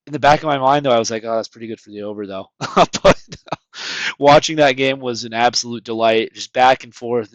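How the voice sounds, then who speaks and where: A man's voice: mid-range voice, no room sound, rough recording. Dry, wry man on sports bets. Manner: wry, self-mocking about losses. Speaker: podcast co-host. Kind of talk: casual sports betting chat.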